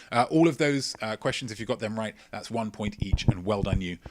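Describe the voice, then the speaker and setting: Male quiz host, low voice, dry close sound, jokey and chatty. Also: brisk, no echo. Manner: chatty, joking, self-mocking asides. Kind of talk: live-streamed quiz, reading out chat answers.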